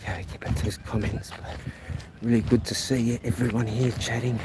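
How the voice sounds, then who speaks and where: A mid-pitched male streamer from New Zealand speaks in a level tone at a moderate pace, rambling chattily and reading viewer comments aloud on a casual walking live stream. He's on a rural path, recorded by phone amid loud outdoor ambience, animals, and passing vehicles.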